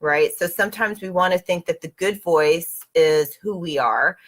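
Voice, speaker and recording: A woman from Southern California with a slightly low voice leads a relaxed book club reading and guided meditation. She talks in a chatty, upbeat way and often checks in with her listeners. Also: normal speed. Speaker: host.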